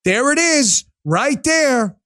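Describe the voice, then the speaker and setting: A man's voice: very high voice, lively intonation, takes it slowly, sharp tone. A male talk show host doing political commentary, combative and sarcastic, firing rhetorical questions straight at his listeners.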